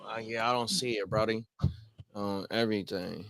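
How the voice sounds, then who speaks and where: Young male co-host; relaxed, slangy, bright tone. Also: on the low side, moderate pace, gravelly, no echo, clean studio sound. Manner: laid-back slangy interjections. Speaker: podcast co-host. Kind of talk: casual sports chat.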